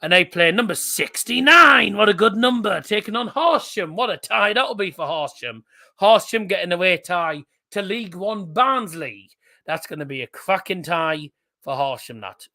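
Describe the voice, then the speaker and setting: Bright-voiced chatty man. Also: high voice, lively intonation, moderate pace. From England. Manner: chatty, reads out fixtures and answers live chat. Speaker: live stream host. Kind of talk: live draw commentary.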